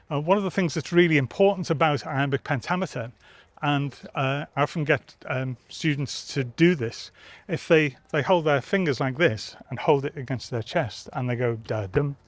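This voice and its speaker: A man's voice: on the high side, no room sound. A man, a theatre festival director, explaining verse rhythm in an interview, tapping out beats aloud and reciting lines to demonstrate. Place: outdoor college garden.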